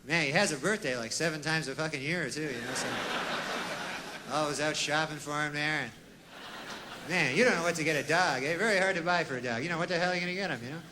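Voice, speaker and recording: A man doing a deadpan, rambling stand-up comedy monologue, full of asides and folksy fillers, on a comedy stage. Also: fairly high pitch, quick pace, noisy background. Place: comedy stage with a live audience.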